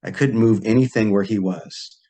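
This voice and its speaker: A man's voice: lowish voice, normal speed. Guy on a podcast telling a story, laid back, voices the quotes. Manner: relaxed, acts out quoted dialogue. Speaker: podcast guest, psychic healer. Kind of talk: casual storytelling.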